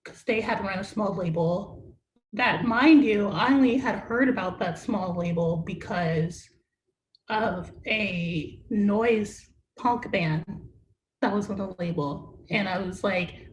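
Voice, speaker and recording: A woman's voice: mid-range voice, slow pace. A young adult woman, a musician guest in a casual interview, rambling with constant "like" fillers. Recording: roomy echo with faint noise.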